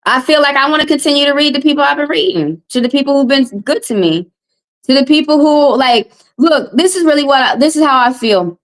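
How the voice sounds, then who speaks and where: A woman tarot reader from the American South, hosting a live stream and venting at her chat. Her voice sits slightly high, and she is upset and confrontational and circles back over the same points. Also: fairly quick. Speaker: tarot reader and livestream host. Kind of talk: heated live-stream rant.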